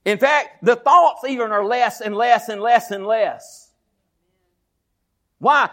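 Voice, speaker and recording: High-voiced preacher man. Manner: animated preaching with folksy humor and repeated phrases. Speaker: pastor. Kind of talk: sermon.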